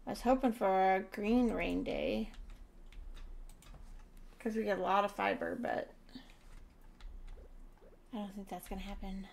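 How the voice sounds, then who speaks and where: A woman's voice: medium pitch, fairly even intonation, measured pace, creaky, pauses often, a little mellow. A woman giving casual gameplay commentary as a streamer, chatting to her viewers and sounding tired. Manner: chatty, talks to chat viewers. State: tired, yawning. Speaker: gaming streamer.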